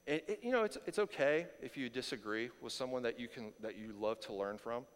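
A man preaching a verse-by-verse sermon as pastor, conversational and animated, full of rhetorical questions, speaking in a church sanctuary. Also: mid-range voice, a little fast, in a large hall. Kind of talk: expository sermon.

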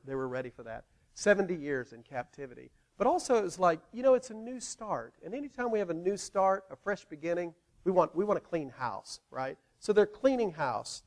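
A male pastor preaching in an animated, conversational way, playfully involving the congregation. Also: on the high side. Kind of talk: sermon.

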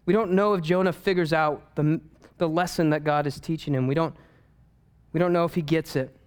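A man preaches a sermon, retelling the story with animated humor and playful asides. His voice sits a little high and sounds smooth and clear, as in a church. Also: a little fast. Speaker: pastor.

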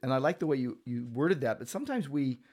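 Talking fast in a mid-range voice, a pastor works through Bible verses in a relaxed podcast conversation. He's an animated storyteller who acts out small scenes and quoted lines along the way.

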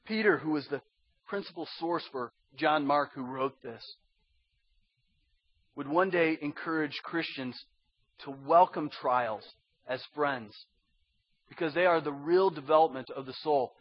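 A man preaching a sermon as pastor, emphatic and conversational, swinging from loud insistence to hushed intensity. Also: on the high side, unhurried, long pauses, slightly rough. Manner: conversational with slang asides. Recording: dull lo-fi sermon recording.

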